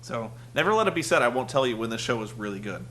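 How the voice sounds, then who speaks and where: Animated sarcastic young man reviewing wrestling. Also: mid-range voice, fast talker, a little hiss or hum. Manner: sarcastic, rambling, acts out quotes. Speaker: wrestling podcast host. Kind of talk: casual review podcast.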